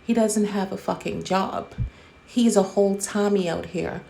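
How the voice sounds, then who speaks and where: Blunt, mellow-voiced woman host. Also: medium pitch, unhurried, vocal fry, slight background noise. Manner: blunt, profane, roasting. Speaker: commentary host. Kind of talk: casual commentary.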